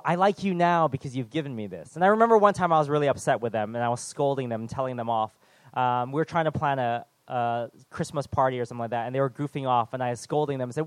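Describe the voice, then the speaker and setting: A man's voice: mid-range voice, clear, resonant tone, no room sound. A man preaching an earnest, conversational sermon with self-deprecating asides.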